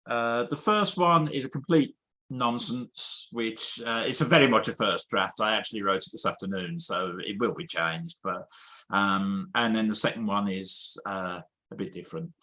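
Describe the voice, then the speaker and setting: A man chatting casually, then reading a comic poem deadpan at an online open mic over a video call. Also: fairly low pitch, moderate pace. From England. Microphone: home computer mic on a video call.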